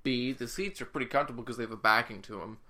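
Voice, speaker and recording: A man's voice: medium pitch, rapid-fire, sharp tone. A man on a podcast casually rambling through a trip story with jokey asides. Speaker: podcast co-host. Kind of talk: casual chat.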